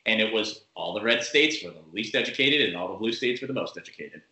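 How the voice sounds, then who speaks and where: Casual talker, male, rambling and filler-heavy, forceful tone, echoey room. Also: fairly low pitch, animated, fast. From Massachusetts. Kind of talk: casual chat.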